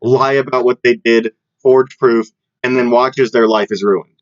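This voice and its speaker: A man's voice: medium pitch, steady tone, no echo. Rambling, jokey young man. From Southern United States. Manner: rambling, jokey, quick to laugh. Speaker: podcast co-host. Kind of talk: casual chat. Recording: dry, dull lo-fi audio.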